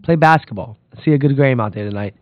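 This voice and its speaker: Male podcast host, animated basketball rant, mid-pitched voice, dry and somewhat dull recording. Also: fast talker, dry recording. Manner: animated, rants and calls out players directly. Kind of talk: casual sports commentary. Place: Florida.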